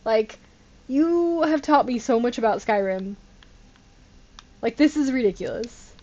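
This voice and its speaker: Woman streamer, casual live gameplay commentary, higher voice, slightly dull sound. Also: expressive, unhurried, dark tone. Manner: chatty, exasperated, laughing disbelief.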